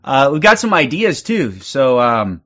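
A man's voice: medium pitch, sing-song, measured pace, dull audio, very noisy. A man hosting a livestream in casual chat, upbeat and greeting viewers one after another. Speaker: livestream host.

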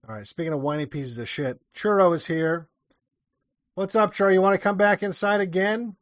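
Hosting a livestream, a man reads viewer messages aloud in an offhand, rambling way. His voice sits high and he talks briskly. The recording sounds dull, lo-fi and dry, with no echo.

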